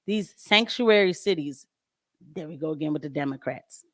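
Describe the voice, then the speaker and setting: A woman's voice: sits low, lively intonation, normal speed, no echo, studio quality. A young adult woman hosting a casual commentary livestream, blunt and sarcastic, often laughing as she talks. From of Haitian descent. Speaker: show host.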